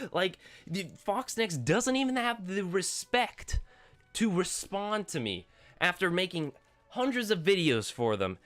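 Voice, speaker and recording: A man's voice: on the high side, fairly bright tone. Exasperated teenage boy ranting. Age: teens. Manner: exasperated, sarcastic, rambling with restarts. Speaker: gaming YouTuber. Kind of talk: ranting vlog commentary.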